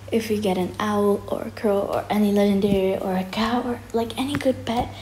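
A woman hosting her gaming channel, giving gushing, excitable commentary and squealing often. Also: medium pitch. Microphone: faulty mic. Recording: noisy faulty home mic.

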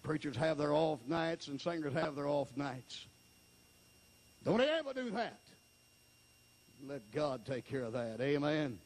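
An evangelist man preaching a revival sermon in a fairly high voice. He repeats his lines and climbs from near-whispers to ringing shouts. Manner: repeats phrases, swings from hushed to shouting.

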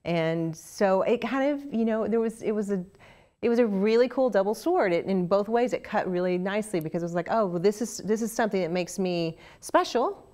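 A middle-aged woman from Oklahoma with a Southern Oklahoma accent, telling stories in a casual interview, animated and chatty with many restarts. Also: mid-range voice, fairly quick. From Oklahoma, USA. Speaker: interview guest, actress.

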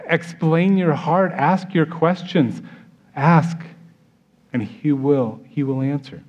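A man's voice: medium pitch, a little mellow, highs cut off. A man with an American accent preaching a sermon as pastor, acting out the scene he tells with quoted voices.

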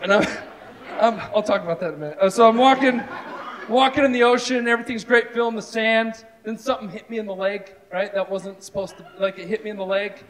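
A man's voice: high voice, fast. A man doing self-deprecating stand-up comedy on a live stage, talking to the audience. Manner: animated, self-deprecating, lots of asides. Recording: live show with loud crowd. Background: audience laughing.

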